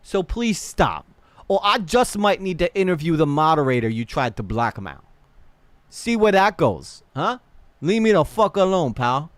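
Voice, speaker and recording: A man's voice: on the high side, sing-song, unhurried, dry recording, voice pushed up. A man putting on a brash New York tough guy. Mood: indignant. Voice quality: brash and needling, repeats "okay" and "pal". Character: pushy defensive man with a tough-guy attitude.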